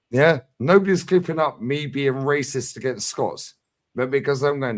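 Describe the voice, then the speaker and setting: A man's voice: medium pitch, moderate pace. A middle-aged man, arguing hard on a fan livestream and pushing each point with a challenging "yeah?". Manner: combative, emphatic, constant "yeah?" tags. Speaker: fan channel streamer. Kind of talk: heated livestream debate.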